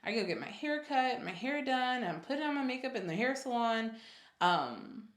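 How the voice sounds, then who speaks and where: A woman in her twenties telling a personal story casually, jumping high in pitch for quoted reactions. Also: lively intonation, moderate pace, echoey room. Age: 20s. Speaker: vlogger.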